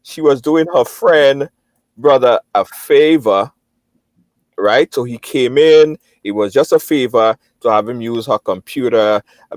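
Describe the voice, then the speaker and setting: Male call-in host, lively pitch, dry close sound, recaps often. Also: dry recording. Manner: recaps for listeners, repeats himself when cutting in. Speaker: talk show host. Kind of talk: live call-in show hosting.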